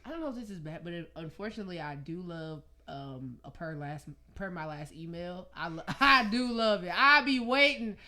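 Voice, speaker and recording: A woman co-hosting a podcast in casual chat, animated and laughing as she tells stories. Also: fairly low pitch, moderate pace, few pauses. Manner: animated storyteller, laughs often, drawls words out. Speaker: podcast co-host.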